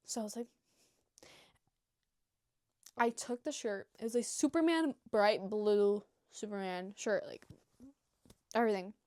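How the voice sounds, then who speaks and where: A young woman vlogger in a rambling casual chat, swearing freely and breaking into squeaky acted quotes. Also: normal speed, darkish tone, no echo, studio quality.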